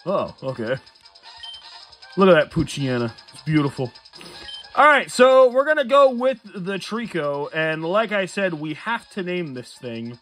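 A man's voice: high-pitched, big pitch swings, a little slow, fairly bright tone, faint music behind. A man giving casual let's-play commentary late at night, tired, rambling and chuckling at his own jokes. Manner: rambling, self-amused, chuckles often. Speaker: gamer playing a Nuzlocke run.

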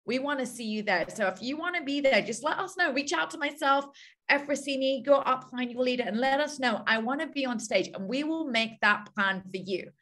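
A woman's voice: sits high, brisk, pushed and bright. A woman hosting a team video call, coaching listeners in an upbeat way and repeating her key points. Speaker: call host.

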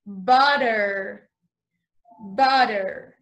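A woman teaching English vocabulary to young children over a video call, spelling words slowly and switching into to explain. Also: sits high, sing-song, fairly bright tone. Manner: slow, exaggerated spelling and repetition, switching to Spanish explanations. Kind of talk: online class for young children.

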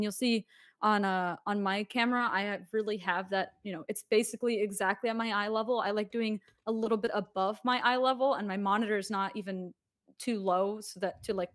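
A woman's voice: mid-range voice, fairly bright tone. A woman co-hosting a livestream product demo, playful and chatty, often laughing. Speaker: co-host.

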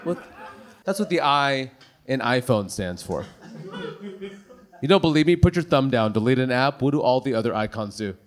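A man performing stand-up comedy in a club, with an animated, punchy delivery full of rhetorical questions. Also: medium pitch, normal speed, pauses often, noisy background.

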